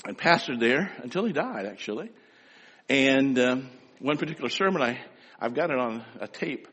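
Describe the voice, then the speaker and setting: A man preaches with a bright, husky voice whose pitch rises and falls freely. His talk rings with the long reverb of a large hall, and he speaks straight to the people in front of him. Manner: animated storytelling, acts out loud pleading prayers; speaks directly to the congregation. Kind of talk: sermon.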